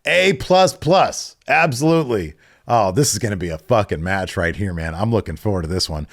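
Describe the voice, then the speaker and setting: Excitable profane wrestling podcast man. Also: low voice, quick pace. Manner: excitable, profane, quoting wrestlers in mock voices. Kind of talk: casual opinion talk.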